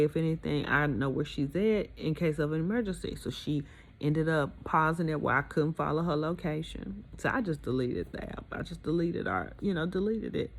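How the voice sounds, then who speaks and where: Woman with a low voice telling her divorce story, frank and hurt, talking straight to camera. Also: a little hiss or hum. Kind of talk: emotional personal storytelling.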